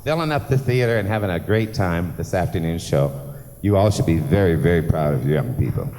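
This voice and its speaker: A man's voice: low-pitched, lively intonation, fairly quick, a little mellow. A man working as master of ceremonies at a live benefit concert, chatty and gushing, teasing himself and throwing in playful swearing. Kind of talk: live stage emceeing. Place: large theatre stage. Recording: long theatre reverb, faint background noise.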